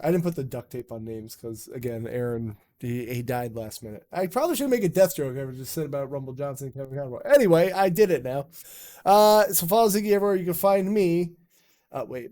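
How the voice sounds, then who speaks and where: A man's voice: a little high, mellow. A man hosting a live stream chat in a rambling, jokey way, swearing often. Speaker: streamer and podcast host. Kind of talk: casual chat.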